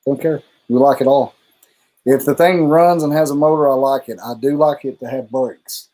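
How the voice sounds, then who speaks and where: A man's voice: medium pitch, steady tone, normal speed, mellow, low-quality recording. A man co-hosting a casual livestream, laid-back and rambling, cursing casually. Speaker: co-host of a motorcycle channel livestream.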